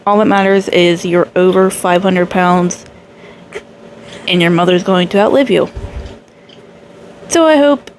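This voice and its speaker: A woman's voice: on the low side, measured pace, long pauses. Woman reaction commentator, dry scornful sarcasm, faint room noise. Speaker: reaction channel host. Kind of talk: commentary over a reaction video.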